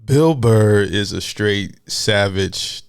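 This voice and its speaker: A man's voice: lowish voice, lively intonation, slow pace, creaky, clean tone, no echo, clean studio sound. A man hosting a reaction video, chatting casually and hyping up the clip he is watching. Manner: hyped, chatty. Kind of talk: casual commentary.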